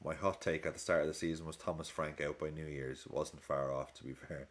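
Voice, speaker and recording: A man's voice: rumbling low, fairly even intonation, a little fast. A man in his thirties chatting casually during a live football watch-along, reacting to the match and swearing freely as he jumps between topics.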